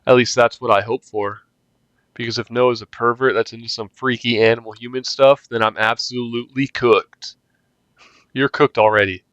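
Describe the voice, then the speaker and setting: A man's voice: medium pitch, fairly even intonation, normal speed, a bit bright, no echo, highs cut off. A young man reading a story game aloud and reacting casually, joking and swearing between lines. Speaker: gaming youtuber.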